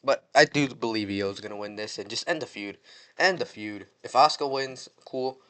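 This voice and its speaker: An excitable man giving casual predictions on a fan vlog. His voice is bright and forceful. He talks in slang and rambles, often restarting his sentences. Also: mid-range voice, moderate pace. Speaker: wrestling fan vlogger.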